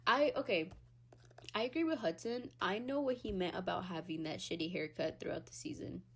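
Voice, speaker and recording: Fairly quick and slightly rough-voiced, a young woman of Hispanic background rants casually on the podcast she hosts alone. She's animated, laughs a lot and curses freely, moving between loud squeals and low mutters in big leaps of pitch and volume.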